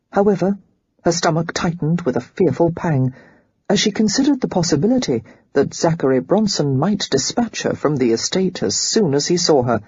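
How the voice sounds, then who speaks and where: A steady audiobook narrator reads in a measured way. The voice is deeply husky and breathy. It is close and dry, with a dull, lo-fi tone. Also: no echo.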